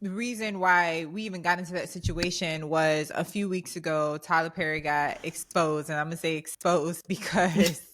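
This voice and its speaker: A woman's voice: fairly low pitch, fairly even intonation, normal speed, hardly any pauses, a bit bright. A young adult woman co-hosting a podcast, ranting in an emphatic, heated way in casual chat. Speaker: podcast co-host.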